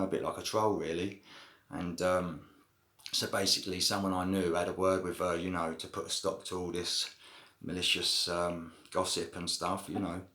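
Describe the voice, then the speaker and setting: A man's voice: low voice, fairly bright tone. Slangy man in an echoey room. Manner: rambling, slangy, swears, frequent "you know what I mean" fillers. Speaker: vlogger telling a prison story. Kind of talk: casual storytelling to camera. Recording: roomy echo.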